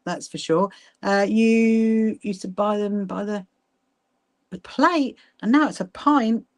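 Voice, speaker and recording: A woman hosting a casual sewing livestream, chatting warmly with viewers by name and laughing often as she works. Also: medium pitch, takes it slowly. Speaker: livestream host. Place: sewing room at home.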